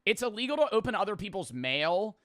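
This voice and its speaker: A man's voice: high voice, sing-song, brisk, a bit bright, dry recording, clean studio sound. A man in his twenties, a streamer casually reacting to clips, rambling, swearing and laughing as he tells stories.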